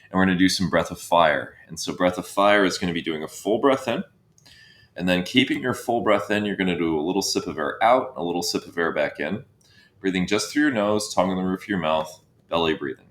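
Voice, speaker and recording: Breathwork instructor, male, low register, calm coaching cadence, echoey room. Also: a little fast. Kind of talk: guided breathwork session. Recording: roomy echo.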